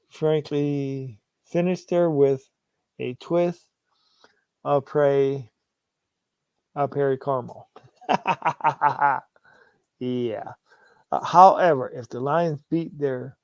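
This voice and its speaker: A man hosts a casual sports livestream, reading viewer comments aloud, laughing often, and restarting his phrases. His mid-range voice is darkish with vocal fry, and the recording sounds dull and lo-fi with no echo.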